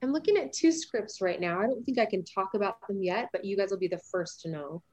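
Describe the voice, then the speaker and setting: Talking at a quick pace in a medium-pitched voice, a woman in her thirties, an actress, chats as an interview guest. It's casual, and she's an animated storyteller who laughs often.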